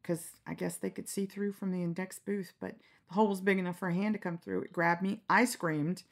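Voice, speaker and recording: A middle-aged woman telling candid stories in a relaxed interview, frank and quick to laugh, acting out the lines she quotes. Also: fairly low pitch. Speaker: storyteller guest. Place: lying down in a quiet room.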